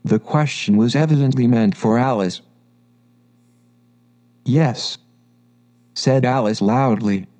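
A man reading a storybook aloud in measured, steady narration. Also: mid-range voice. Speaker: audiobook narrator.

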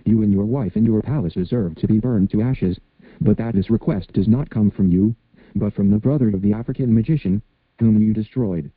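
A man's voice: fairly low pitch, brisk, no room sound, close to an everyday voice. A man voicing a furious shrieking genie. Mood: wrathful. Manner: shrieking, wrathful scolding. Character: furious male genie of the lamp. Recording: dry, phone-like narrow sound.

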